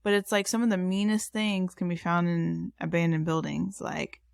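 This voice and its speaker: A woman's voice: fairly low pitch, level tone, moderate pace, creaky, dry recording, clean studio sound. A woman co-hosting a podcast, talking in a chatty, rambling way with frequent restarts. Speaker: podcast co-host. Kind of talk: casual chat.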